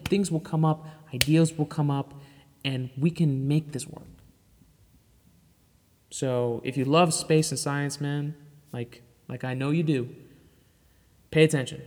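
Hosting his own podcast solo, a man talks in a mid-range, darkish voice that carries a big-room sound. He's enthusiastic, loose and chatty, swearing casually and laughing along the way.

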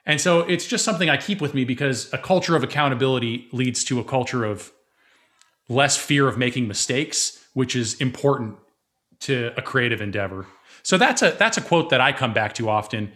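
Brief: steady male interviewer, thoughtful and explanatory. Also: mid-range voice, a little fast. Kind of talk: reflective conversation.

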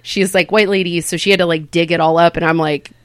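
A woman stand-up comedian from Southern California, a podcast guest rambling through stories in animated, casual interview chat. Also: lowish voice, quick pace.

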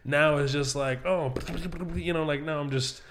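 A man's voice: on the high side, fairly even intonation, moderate pace, fairly bright tone. A man from Kuwait, a comedian guest, chatting casually and telling loose, profane stories with frequent laughs. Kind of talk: casual storytelling chat.

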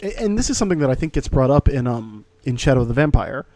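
Wry, profane man with a lively voice. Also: medium pitch, quick pace, no echo. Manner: wry, profane, builds to loud punchlines. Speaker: podcast co-host. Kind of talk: casual movie chat.

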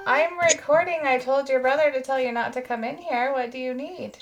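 A woman podcast host speaks in an easygoing, chatty way, often breaking into laughter. Her voice sits a little high, and her talk is frank and sometimes crude. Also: a little fast. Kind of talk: casual chat.

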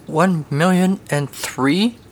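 A man voicing a panicky grown cowboy in a storybook tale, with a shrill, whiny voice. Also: takes it slowly. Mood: panicked. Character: panicky grown male cowboy lost in the future.

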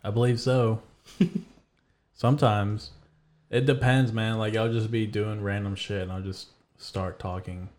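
A man hosting a podcast in casual chat, talking with a dry, deadpan sense of humor. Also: fairly low pitch, a little slow. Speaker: podcast host.

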